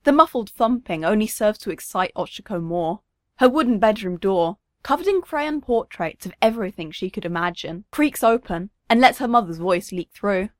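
A woman narrating a story, reading with expressive, varied intonation. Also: mid-range voice, normal speed, no echo.

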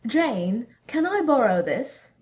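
A woman's voice: a little high, very animated, takes it slowly. Woman voicing a doting, smiling hero. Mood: fond. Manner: warm, smiling, fussing. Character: doting, cheerful Asgardian hero, gender-bent.

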